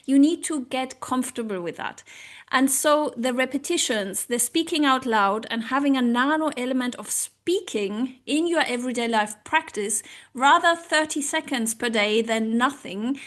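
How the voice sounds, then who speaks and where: A woman language coach talking casually to her viewers in English with a non-native accent, earnest and sometimes pausing to search for words. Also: high-pitched, animated, a bit bright. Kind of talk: casual talk to camera.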